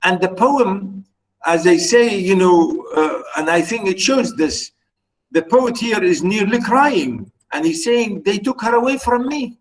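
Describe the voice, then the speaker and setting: A man's voice: high voice, animated, a little slow, low-quality recording. A man teaching a poetry lesson, reciting verses dramatically with repeated phrases, then explaining them with many fillers and repetitions. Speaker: literature teacher.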